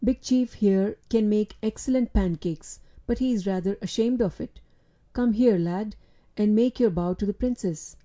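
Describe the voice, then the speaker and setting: A woman's voice: mid-range voice, mellow, close to an everyday voice. Woman reading as a wise genial father. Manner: sage, measured.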